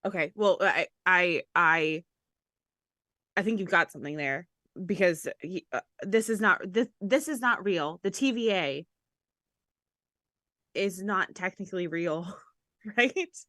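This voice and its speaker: Female co-host, excitable casual chatter, dry recording. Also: fairly low pitch, measured pace, pauses often, no room sound. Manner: excitable, swears casually, restarts often. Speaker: podcast co-host. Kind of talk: casual chat reviewing a TV episode.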